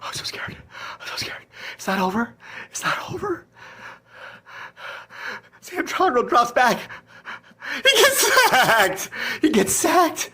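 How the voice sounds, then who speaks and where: A woman's voice: high voice, wildly swooping pitch, slow, long pauses, sharp tone, slightly rough, full character voice. A woman playing a panicked, guilt-ridden fantasy football manager in a comedy sketch, whispering breathlessly and swinging between terror and relief. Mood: despairing.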